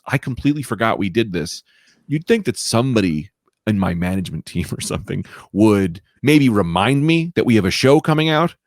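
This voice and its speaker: A man co-hosting a comedy podcast, telling rambling stories in casual chat with quick put-on voices. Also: medium pitch, no room sound, clean studio sound.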